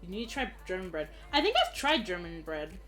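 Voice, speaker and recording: A woman's voice: lowish voice, big pitch swings, fairly quick, fairly bright tone, faint music behind. A young Australian woman streaming a game, chatting casually in a giggly, rambling way. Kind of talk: casual chat while gaming.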